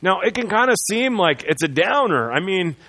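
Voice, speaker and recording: A man preaching a sermon as pastor in a church, moving between loud proclamation and quiet earnest passages. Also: sits high, big pitch swings, moderate pace. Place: church sanctuary.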